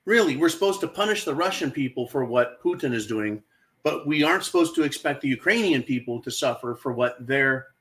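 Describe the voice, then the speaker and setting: A man's voice: mid-range voice, a bit bright, poor audio. A man hosting his own channel, talking to viewers in an exasperated, emphatic opinion monologue and often calling them folks. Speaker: channel host.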